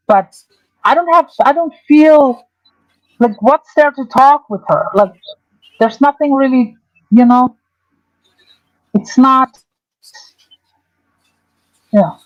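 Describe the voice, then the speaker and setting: A woman hosting a casual livestream, talking in a halting, hesitant way with many restarts. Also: sits high, animated, no echo, muffled recording.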